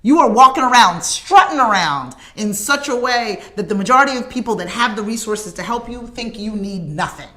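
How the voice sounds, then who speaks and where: A woman's voice: fairly high pitch, lively intonation, moderate pace, few pauses, sharp tone. Woman, morning show host; emphatic motivational delivery, conversational. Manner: emphatic, preacherly, with conversational asides and laughs.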